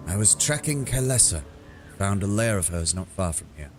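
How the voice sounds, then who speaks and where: A man reading game dialogue aloud as a cold, deceitful male dark elf assassin, measured and contemptuous. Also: sits low, lively intonation, faint music behind. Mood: pleading.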